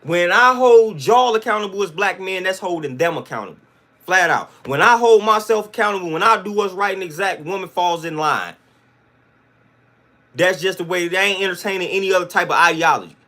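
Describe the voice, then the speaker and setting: A livestream host rants at his chat in a high, brisk, bright voice with a forceful edge. His delivery is emphatic and blunt, loaded with slang, and he keeps hammering the same points.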